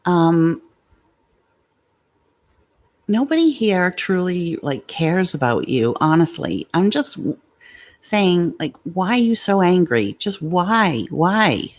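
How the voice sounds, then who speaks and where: A woman's voice: on the low side, big pitch swings, slow pace. A middle-aged woman hosting a casual livestream, blunt and confrontational with commenters, swearing freely. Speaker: livestream host.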